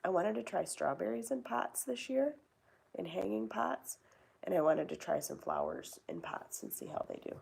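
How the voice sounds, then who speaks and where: A woman's voice: mid-range voice, big pitch swings, normal speed, creaky, a little mellow, slight background noise. A young woman hosting a casual chat, rambling and swearing now and then. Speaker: host.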